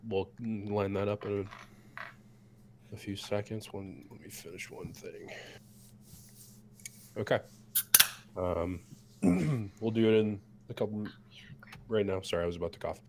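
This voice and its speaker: Deep-voiced guy with a cold, hoarse and raspy, gm doing a laid-back recap with lots of ums. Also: noisy background. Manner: easygoing, many filler ums. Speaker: game master. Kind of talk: recapping a tabletop game session.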